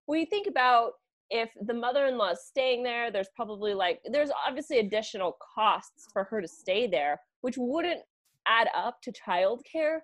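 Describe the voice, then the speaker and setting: A woman co-hosting a comedic advice podcast, reading listener letters aloud and then mulling them over in a chatty, halting way. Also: on the high side, animated. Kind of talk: casual comedic podcast chat.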